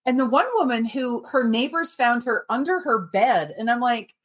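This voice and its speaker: A woman's voice: on the high side, moderate pace. A woman in a casual podcast chat, making joking remarks. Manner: chatty, joking reactions.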